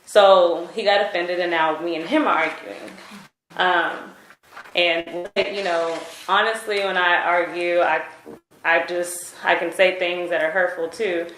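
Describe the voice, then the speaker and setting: A woman's voice: lowish voice, fairly even intonation, measured pace, a bit bright, a little hiss or hum. A woman giving a recorded statement, retelling events hesitantly with many fillers. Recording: echoey room recording.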